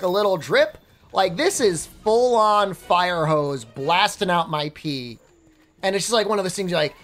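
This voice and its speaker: A woman streamer rambles through a story in a lively, swooping voice and keeps breaking into laughs. Her pitch sits in the middle of the range. Quiet music runs in the background. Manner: rambling, animated, laughs while telling. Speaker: game streamer. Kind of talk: casual storytelling on a live stream.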